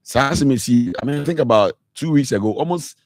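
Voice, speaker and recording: In a radio studio, a Ghanaian man makes a heated argument on a talk show, his Ghanaian-accented English peppered with Twi and frequent repetitions. His mid-range voice is brisk and a little mellow, with lively intonation, and the recording is dry.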